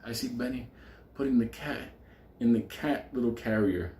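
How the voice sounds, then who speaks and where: A man's voice: mid-range voice, normal speed. Laughing New man telling a story. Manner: laughing, animated, heavy swearing. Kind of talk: profane storytelling. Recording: echoey room with faint ambience.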